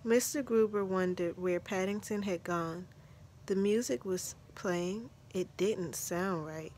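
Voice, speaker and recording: A woman reads a children's picture book aloud, taking her time over each sentence. Her delivery is gentle and measured, at an ordinary middle pitch, with a faint hiss behind her. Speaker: storybook narrator. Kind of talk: children's story read aloud.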